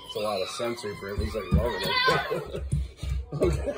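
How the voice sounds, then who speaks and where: A man's voice: extremely high pitch, huge pitch swings, moderate pace, over loud music. A man filming his kids at home for a vlog, laughing at them and scolding them in turn. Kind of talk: casual home vlog narration.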